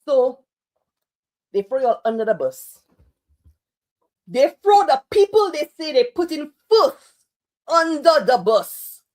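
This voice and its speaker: A Saint Lucian woman delivering political commentary online, scolding and sarcastic. Her voice sits a little high and swings widely in pitch as she presses each point. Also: very animated, slow pace, pauses often, a little mellow.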